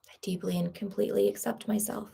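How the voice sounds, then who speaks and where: A woman leading a group tapping session, speaking calm, short phrases for listeners to repeat. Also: mid-range voice, quick pace, vocal fry, husky. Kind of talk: guided tapping script, spoken in short phrases.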